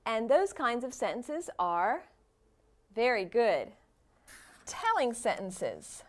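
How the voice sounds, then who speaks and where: A woman teacher giving a classroom video lesson to young children, explaining slowly and encouraging them. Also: on the high side, very animated.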